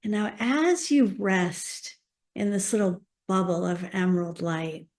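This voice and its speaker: A woman minister leading a slow, soft guided meditation during a church service. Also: mid-range voice. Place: church service also streamed on a video call.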